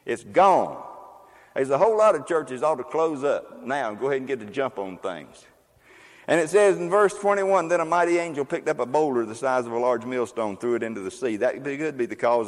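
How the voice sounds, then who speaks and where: Emphatic preaching man in echoey hall. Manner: preachy, emphatic, swings between loud exclamations and low asides. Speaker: pastor. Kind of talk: sermon.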